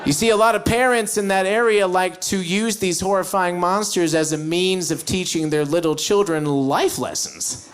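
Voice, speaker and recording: An American man performing stand-up on stage, telling a story with animated acted-out bits and sudden loud outbursts. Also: on the high side, unhurried, few pauses, noisy background. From United States. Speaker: stand-up comedian. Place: live comedy stage before an audience.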